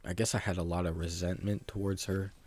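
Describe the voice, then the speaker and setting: A man's voice: low voice, little pitch movement, fairly quick, a little mellow, breathy edge. A young man telling an embarrassing story from his school days in a rambling, self-mocking casual monologue, full of "like" and "bro".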